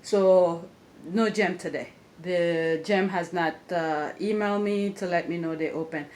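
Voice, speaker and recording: A woman's voice: lowish voice, fairly even intonation, unhurried, darkish tone. Chatty mother vlogging at home. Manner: chatty, rambling with fillers and restarts. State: out of breath after climbing stairs. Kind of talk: casual daily vlog.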